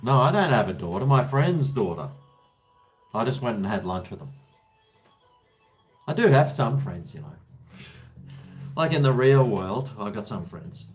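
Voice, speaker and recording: A man's voice: mid-range voice, big pitch swings, measured pace, pauses often, soft background music. A man chatting casually on a livestream, rambling with chuckles and answering viewers' comments. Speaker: livestream host.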